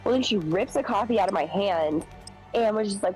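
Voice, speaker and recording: Woman telling a lively story over music. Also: mid-range voice, a little fast, rough recording. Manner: animated, acts out quoted voices. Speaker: streamer. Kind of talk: casual storytelling on a game stream. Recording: music playing behind.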